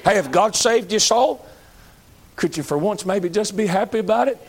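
A Southern man preaching with a folksy, emphatic delivery. His voice sits fairly high and swings widely in pitch, and he rises to a shout at times. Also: animated, normal speed, some chatter behind. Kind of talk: sermon.

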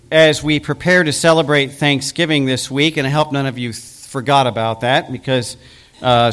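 A man preaching a sermon as pastor in a church, earnest and slowing down to stress key words. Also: fairly high pitch, a bit bright.

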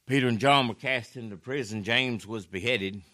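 A man preaching a sermon in a folksy way, repeating phrases and swinging from low murmurs to loud raised lines. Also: moderate pace.

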